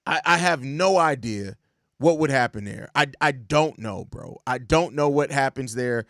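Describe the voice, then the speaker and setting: A man's voice: medium pitch, lively intonation, a little slow, a bit bright, no echo, studio quality. A young man hosting a sports show, ranting in exasperated, profane casual commentary and repeating himself. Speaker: sports podcast host.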